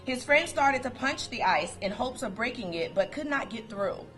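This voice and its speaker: A woman with a fairly high voice gives a lively motivational talk to her coworkers. She tells stories, quotes sayings and laughs between them. Faint music plays underneath. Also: moderate pace. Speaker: motivational speaker.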